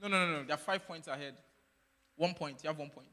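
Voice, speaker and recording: This workshop quiz host talks fast in a high, bright, forceful voice. He keeps the live quiz playful, teasing the teams and laughing often, and the event hall leaves a long reverb on the sound.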